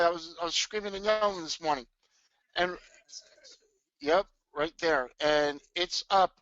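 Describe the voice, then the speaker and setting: Excitable bright-voiced man on a dull webcam. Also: on the high side, a little slow, pauses often, dry recording. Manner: excitable, hyped, many restarts. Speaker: trading webinar host. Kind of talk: live webinar talk. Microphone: webcam mic.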